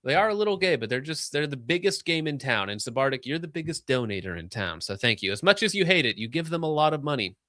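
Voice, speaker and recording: Streamer host, male, sarcastic and joking, bright close dry voice. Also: fairly high pitch, expressive, no echo. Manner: sarcastic, joking, quick asides. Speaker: streamer reading donations. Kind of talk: casual livestream chat.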